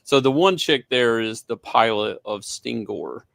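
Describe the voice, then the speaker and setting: A man's voice: mid-range voice, expressive, measured pace, vocal fry, a bit bright, no room sound. A man in casual chat, talking hesitantly with many fillers.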